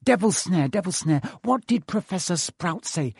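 A man voicing a clever, bossy young schoolgirl witch in a high, shrill, urgent voice. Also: lively intonation, normal speed, creaky, darkish tone, husky, dry recording, clean studio sound, heavily acted.

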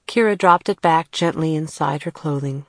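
Low-voiced woman reading a storybook. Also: no echo, clean studio sound. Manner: measured storytelling read, puts on voices for characters. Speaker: audiobook narrator. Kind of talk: scripted audiobook narration.

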